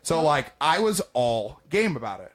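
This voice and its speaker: A young man co-hosting a podcast, telling crude comedic stories in a loud, profane, animated way that breaks into shouting. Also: fairly high pitch, normal speed. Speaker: podcast co-host.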